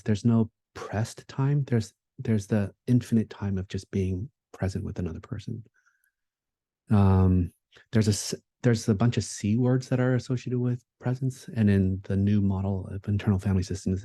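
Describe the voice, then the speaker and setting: A man's voice: lowish voice, warm tone, no room sound. A man giving a keynote talk at a conference, speaking in a reflective, conversational way, with many fillers and restarts.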